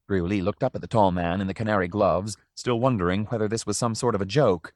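A man narrating a story in a measured, even storytelling manner. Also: lowish voice, no room sound, studio quality.

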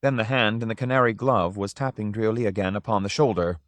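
A man narrating a story in a measured, even storytelling manner. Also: lowish voice, no room sound.

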